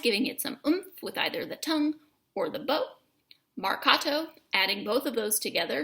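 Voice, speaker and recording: Female music teacher, bright voice with a gravelly edge, clear and encouraging delivery. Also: a little high, lively intonation, moderate pace. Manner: clear, encouraging explanation with emphatic key words. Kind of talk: instructional lesson.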